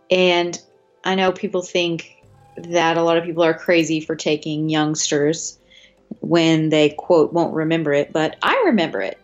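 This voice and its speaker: A woman's voice: sits low, highs cut off. A young woman hosting a podcast, chatting casually and reacting eagerly. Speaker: podcast host. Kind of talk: casual chat.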